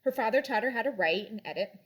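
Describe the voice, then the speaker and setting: A woman's voice: a little high, lively intonation, fast talker. A young adult woman in casual chat, reviewing drinks and books in a rambling way with lots of fillers.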